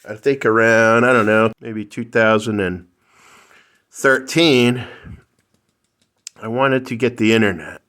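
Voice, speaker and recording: Slow, low-voiced man ranting. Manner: rambling, profane, full of fillers. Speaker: vlogger. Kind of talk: casual storytelling rant. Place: home living room.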